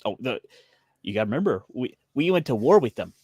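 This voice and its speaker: A man from Michigan co-hosting a casual podcast, excitable and jokey, rambling quickly. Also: mid-range voice, slightly rough, no room sound, clean studio sound. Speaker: podcast co-host. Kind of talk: casual chat.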